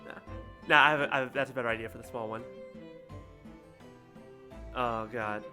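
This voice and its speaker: A man's voice: mid-range voice, fairly even intonation, normal speed, pauses often, bright, forceful tone. A man streaming a game, chatting casually with wry, muttered asides. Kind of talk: casual let's-play commentary. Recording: game music behind.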